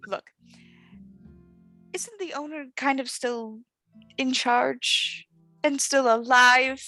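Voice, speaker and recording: A woman with a high, bright voice speaks in character during a tabletop role-play session. She talks slowly and hesitantly, stopping as she loses her thread. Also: fairly even intonation, faint music behind.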